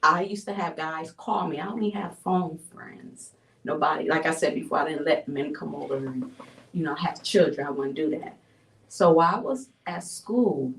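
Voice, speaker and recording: A woman from Buffalo, New York sharing a personal testimony as an interview guest, telling her story in an animated way with frequent laughs. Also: sits low. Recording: roomy sound from a distant mic.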